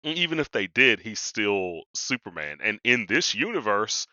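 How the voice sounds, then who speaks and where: Casual man with a bright, slightly dull-sounding voice. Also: on the low side, very animated, normal speed, dry recording. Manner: casual and conversational, uses "like" often. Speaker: podcast co-host. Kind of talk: casual discussion of comics and psychology.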